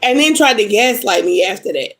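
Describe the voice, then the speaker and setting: A woman's voice: medium pitch, lively intonation, fairly quick, rough recording. A young adult woman reading tarot on a casual livestream, upset and venting bluntly with lots of swearing at commenters. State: upset and angry. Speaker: live tarot reader.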